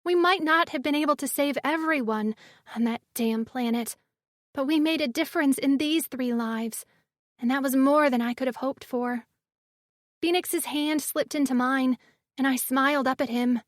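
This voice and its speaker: A woman's voice: high voice, moderate pace, dry recording, clean studio sound. A woman reading first-person audiobook narration with emotive storytelling.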